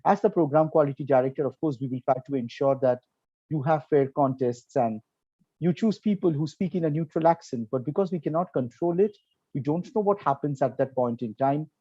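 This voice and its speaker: Bengali-accented man, dark dull call audio. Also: a little high, brisk, breathy edge, no echo. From Kolkata, India. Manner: earnest, explanatory, with frequent fillers. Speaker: program quality director. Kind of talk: online panel discussion.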